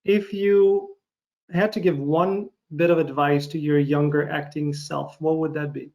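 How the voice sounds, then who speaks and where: A male podcast host who is a native Russian speaker, asking questions in a halting way, full of "uh" and "um". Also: on the high side, steady tone, lo-fi sound. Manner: halting, fills pauses with "uh" and "um". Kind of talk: casual interview.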